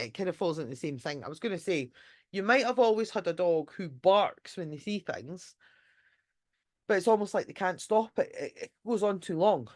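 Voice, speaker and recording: A woman's voice: fairly low pitch, no echo. Chatty woman, dry close sound. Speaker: dog trainer. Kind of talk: casual live online talk. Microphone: computer mic during a screen-shared session.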